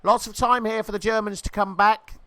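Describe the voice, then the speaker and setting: A man calls a video game football match in a playful commentator's patter, jumping to excited shouts when the ball nears the goal. His voice sits high and comes across crisp and smooth. The recording is close and dry, with no room sound. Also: a little fast, no room sound. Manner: jokey, rises to excited shouts at near misses and goals.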